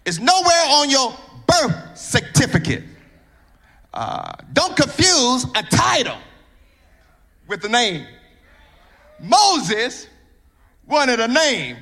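A man from Mississippi, preaching a fervent sermon in a church that swells into sung whooping and shouts. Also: extremely high pitch.

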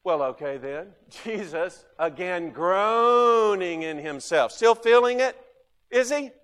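A man preaching a sermon, animated, asking his listeners questions and swinging between loud bursts and quiet asides. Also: high-pitched, slow, big-room sound. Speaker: pastor.

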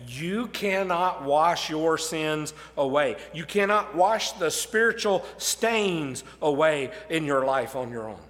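Slow bright-voiced preacher in a reverberant hall. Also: male voice. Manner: earnest, rising for emphasis then dropping soft and low. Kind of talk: sermon.

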